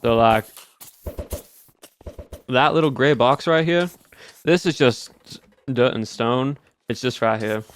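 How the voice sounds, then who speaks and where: A man's voice: medium pitch, takes it slowly, pauses often, slight background noise. A game streamer chatting casually with viewers in a put-on Southern US drawl, easygoing as he plays. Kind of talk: casual live-stream chat while playing.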